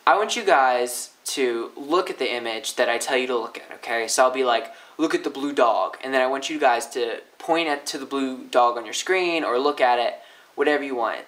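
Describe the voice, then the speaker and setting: Chatty young man explaining with playful pitch. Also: moderate pace, a bit bright, rough recording. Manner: upbeat, chatty, exaggerates pitch to demonstrate. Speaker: language teacher. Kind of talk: casual educational explainer.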